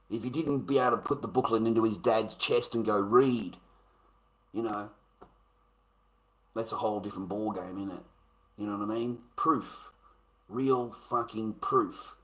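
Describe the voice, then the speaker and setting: An Australian man chatting on a livestream, swearing freely as he rambles and lectures his viewers. His voice sits low but sounds bright and forceful, and it jumps up into loud bursts when he gets worked up. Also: poor audio. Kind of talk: casual rambling livestream chat.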